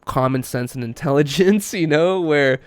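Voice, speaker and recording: A young man tells a story on his podcast in a casual, animated way, laughing often and acting out what people said. His voice sits a little high, and the sound is close and dry. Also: moderate pace, clear, resonant tone, no room sound. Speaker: podcast host.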